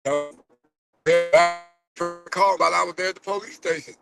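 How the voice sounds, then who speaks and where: A man's voice: fairly high pitch, steady tone, quick pace, gravelly, over loud music, low-quality recording. A man vlogging to his viewers from a car as he drives, loose and profane, and holding back tears. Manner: loose and profane, many fillers. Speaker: vlogger who catches predators. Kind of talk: casual vlog talk to viewers. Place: in a car while driving.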